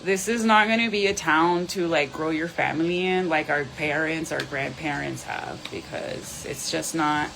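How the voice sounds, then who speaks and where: A woman's voice: low voice, moderate pace, vocal fry, hardly any pauses, fairly bright tone, a little hiss or hum, rough recording. A woman doing a live tarot reading, blunt and profane, switching between English and Spanish. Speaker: tarot reader.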